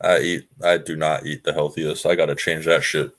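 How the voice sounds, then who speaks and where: Low-voiced laid-back man from Washington. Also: level tone, normal speed, a bit bright. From Washington state, US. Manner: laid-back, swears freely, laughs often. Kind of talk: casual chat.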